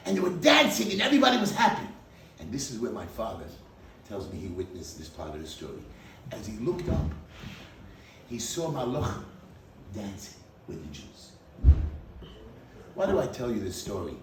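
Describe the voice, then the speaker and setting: A man's voice: on the low side, normal speed, noisy background. Guy telling an intense story at a party, voice all over the place, roomy far-off sound. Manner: dramatic, animated delivery. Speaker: speaker at a party. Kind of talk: dramatic storytelling speech. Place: event hall. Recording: echoey hall, mic from far off.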